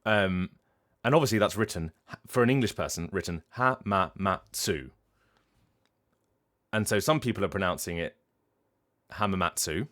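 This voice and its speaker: A man's voice: sits low, lively intonation, fast talker, hardly any pauses. A voice actor talking casually on his livestream, thinking aloud and restarting his sentences as he explains. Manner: thoughtful, explaining at length with frequent restarts. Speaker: voice actor and streamer.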